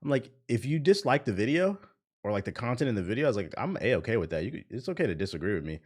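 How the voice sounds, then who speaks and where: A man hosting a livestream, chatting casually and retelling arguments by quoting people in lively bursts. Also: medium pitch, quick pace, breathy edge. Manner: animated storytelling, quoting others. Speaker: livestream host. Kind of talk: casual stream chat.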